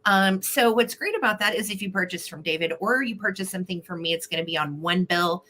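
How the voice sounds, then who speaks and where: Woman, live-stream host, bubbly, giggly, crisp bright voice, casual chat. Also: mid-range voice, fairly quick. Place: at home.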